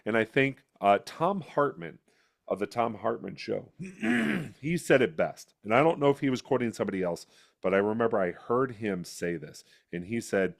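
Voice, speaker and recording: Man, lowish voice, political candidate, former teacher, interview answer, storyteller, does little voices. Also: sing-song, moderate pace, vocal fry. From United States. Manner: storytelling, acting out quoted voices. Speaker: former educator.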